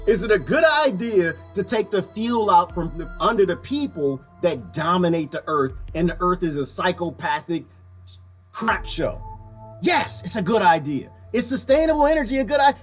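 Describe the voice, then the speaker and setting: A man giving casual reaction commentary, animated and preachy, asking the same rhetorical questions again and again. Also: sits high.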